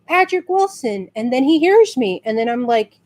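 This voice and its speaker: A woman from San Antonio, Texas, chatting casually in a rambling way and acting out quotes in high squeals. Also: animated, moderate pace, dark tone. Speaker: vlogger. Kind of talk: casual storytelling rant.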